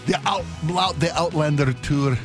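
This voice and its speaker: A man's voice: fairly high pitch, normal speed, over music. Joking man on a radio show. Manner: playful, joking, laughs often. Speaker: radio co-host. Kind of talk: casual radio banter. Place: radio studio. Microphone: studio microphone.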